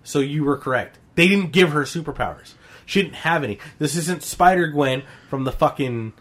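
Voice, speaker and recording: A man's voice: fairly high pitch, lively intonation, normal speed, a bit bright. A man co-hosting a casual podcast chat, retelling a comic plot in a heated, profane way. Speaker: podcast co-host.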